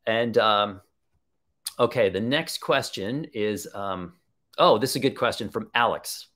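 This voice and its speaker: A man's voice: fairly low pitch, unhurried, a bit bright. A man presenting a live webinar, talking in an enthusiastic, conversational way and answering viewer questions as he thinks aloud.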